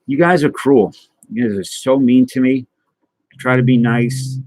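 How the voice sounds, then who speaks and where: A man's voice: medium pitch, normal speed, a little mellow. A man hosting a livestream, chatting casually and rambling as he answers viewer comments with self-deprecating jokes. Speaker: livestream host of a trading card and guitar show.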